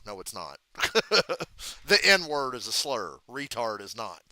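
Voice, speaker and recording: A man with a very bright, sharp voice, riffing through a live reaction to a football game. He talks bluntly and crudely and jokes freely, in a casual streamer's way. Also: medium pitch, big pitch swings, normal speed, no echo, poor audio.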